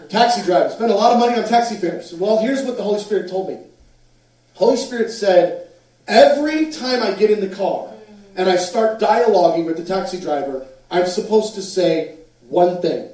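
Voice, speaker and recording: A man with a fairly high voice preaches with animated storytelling. He is picked up from a distance in a very echoey hall. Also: moderate pace. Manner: animated storyteller, acts out quotes. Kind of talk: sermon storytelling.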